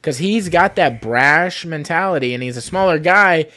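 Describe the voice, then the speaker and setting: A man's voice: fairly high pitch, normal speed, bright, forceful tone. A man hosting a podcast in casual chat, profane and opinionated. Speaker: podcast host.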